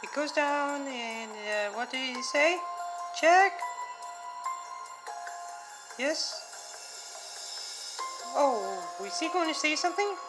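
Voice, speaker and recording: A woman hosting her own reaction video, chatting casually and breaking into excitable, gasping exclamations. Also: high voice, takes it slowly, long pauses, music in the background. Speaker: reaction channel host.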